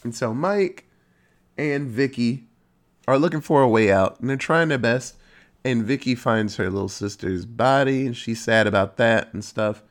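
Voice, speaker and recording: A man at a middle pitch, retelling a horror movie plot in a loose, conversational way. He swears freely and tells the story with animated energy, his voice leaping up now and then for emphasis. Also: normal speed. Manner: profane, animated storytelling with sudden pitch jumps. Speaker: movie reviewer. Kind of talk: casual movie recap.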